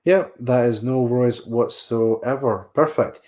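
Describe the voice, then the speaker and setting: A man with an unhurried, medium-pitched, slightly mellow voice closes out his podcast livestream. He's tired and yawns throughout, rambling and repeating himself in a laid-back goodbye.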